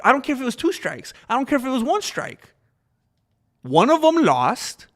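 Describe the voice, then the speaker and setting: A man hosting a casual livestream, giving opinionated, animated commentary and reading out chat messages. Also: extremely high pitch, normal speed. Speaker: livestream host.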